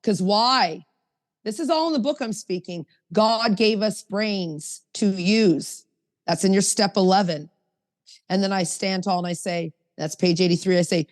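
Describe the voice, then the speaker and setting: A woman's voice: mid-range voice, measured pace, a little mellow, big-room sound. A woman hosting a recovery podcast, speaking emphatically and reading passages aloud from a book. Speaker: podcast host.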